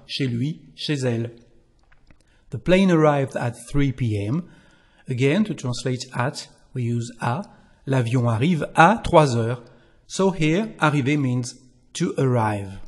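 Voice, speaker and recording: A man's voice: medium pitch, a little mellow, husky. A man with a French accent, a native French speaker, teaching a language lesson and patiently repeating example phrases.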